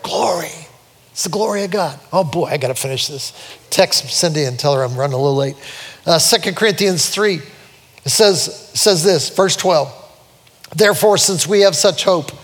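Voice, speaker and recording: An older man preaching a sermon from the pulpit, telling a family story and then building to fervent, soaring scripture reading. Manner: storytelling, rising to fervent high-pitched preaching. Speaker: pastor. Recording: long reverb of a large hall.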